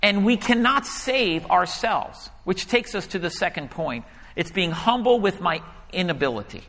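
Bright-voiced pastor preaching in a reverberant hall. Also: male voice, high voice, moderate pace. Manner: storytelling, animated, hushed in prayer. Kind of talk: sermon.

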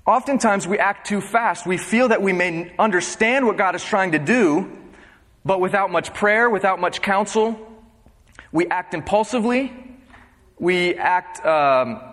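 Young guy preaching, high voice, jokey, repeats lines, echoey church hall. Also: a little slow, a bit bright. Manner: humorous, repeats key phrases for emphasis. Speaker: preacher leading a Bible study. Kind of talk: sermon. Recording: long reverb of a hall.

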